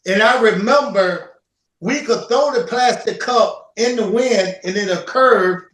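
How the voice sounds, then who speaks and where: A man's voice: high-pitched, a little slow, a bit bright. A man co-hosting a podcast, eagerly reminiscing in casual chat. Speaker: podcast co-host. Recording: roomy echo.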